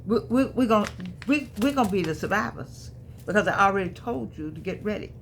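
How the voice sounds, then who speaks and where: Woman, middle-aged, casual to-camera talk, repeats herself, slow emphatic punches. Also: medium pitch, expressive, slight background noise. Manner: preachy, repeats herself, wanders off mid-thought; sudden emphatic stretched-out words. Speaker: online motivational speaker.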